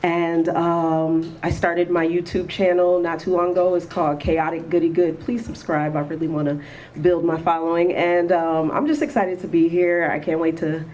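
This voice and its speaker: Brief: female panelist, lowish voice, upbeat and a little hesitant. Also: little pitch movement, normal speed, a little mellow, slight background noise. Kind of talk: panel self-introduction.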